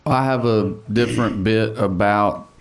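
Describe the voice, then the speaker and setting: Blunt Appalachian man, low voice. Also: fairly even intonation, measured pace, gravelly, slight background noise. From Tennessee. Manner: blunt, profane, joking. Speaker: comedian guest. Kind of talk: casual conversation.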